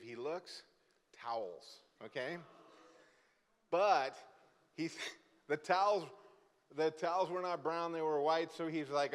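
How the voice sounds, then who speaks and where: A man's voice: a little high, unhurried. Man preaching in a reverberant church hall. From Brazil. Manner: lively, joking storyteller who acts out the characters. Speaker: guest pastor. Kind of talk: sermon with storytelling. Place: church sanctuary.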